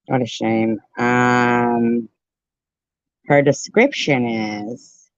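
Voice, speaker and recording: Sarcastic woman ranting about clips, slow, dull lo-fi audio. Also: rumbling low, steady tone, no echo. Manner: scornful, swearing, sarcastic. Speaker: commentary channel host. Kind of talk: angry commentary on played clips. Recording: dull lo-fi dry recording.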